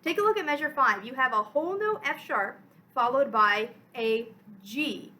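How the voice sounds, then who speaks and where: Bright-voiced woman teaching orchestra. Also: high-pitched, lively intonation, normal speed, low-quality recording. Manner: clear, encouraging, step-by-step explaining. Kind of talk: recorded music lesson.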